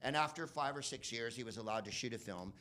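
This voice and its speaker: A man performs a loose stand-up set, swearing freely and bouncing between tangents and voice impressions. His tone is very bright and sharp. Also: mid-range voice, quick pace. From United States. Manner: rambling, profane, animated impressions. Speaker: comedian and podcast host. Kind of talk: stand-up comedy.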